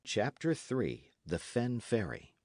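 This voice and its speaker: A man narrating a classic novel as an audiobook, with a measured, expressive reading. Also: lowish voice, no room sound, clean studio sound.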